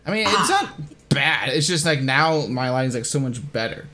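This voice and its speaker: A man's voice: mid-range voice, sing-song, moderate pace, pushed and bright, slight background noise. A young man hosting a casual, self-mocking commentary, rambling and swearing now and then. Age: young adult. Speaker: host.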